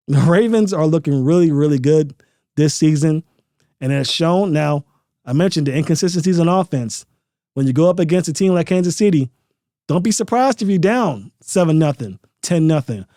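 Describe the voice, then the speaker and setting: A man's voice: on the high side, dark tone, no echo, clean studio sound. A man hosting a sports podcast, giving casual commentary and repeating phrases to drive his points home. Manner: emphatic, repeats phrases for stress. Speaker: podcast host.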